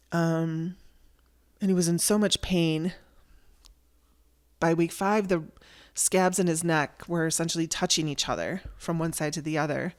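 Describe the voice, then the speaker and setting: A woman's voice: low-pitched, steady tone, measured pace, long pauses. A woman telling a personal story on her podcast, in a candid and conversational way. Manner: candid, conversational, with restarts and blunt language.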